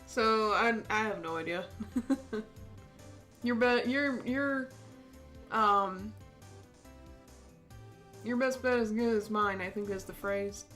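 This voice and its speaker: Young female streamer, casual giggly commentary, slightly high voice. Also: very slow, pauses often, a bit bright, faint music behind. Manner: chatty, giggly, full of fillers and restarts. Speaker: game streamer. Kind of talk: casual let's-play commentary.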